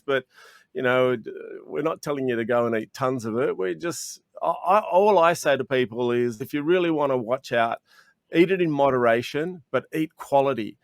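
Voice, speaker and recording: This Australian man, a chocolatier interviewed on video, speaks at a medium pitch with some vocal fry. He tells stories with enthusiasm, playing out customer conversations in an animated way and often restarting. The video-call audio sounds clean and studio-like, with no room sound.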